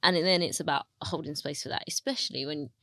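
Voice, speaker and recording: A woman's voice: sits low, quick pace, no echo, clean studio sound. A woman hosting a podcast interview, affirming and enthusiastic as she responds to her guest. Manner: warm-hearted, affirming, enthusiastic. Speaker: podcast host.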